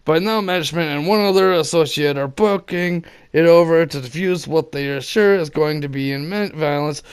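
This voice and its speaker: A man reading an online story aloud, breaking off for wry asides and shouted re-enactments. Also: a little high, normal speed, clean tone. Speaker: reader of online stories.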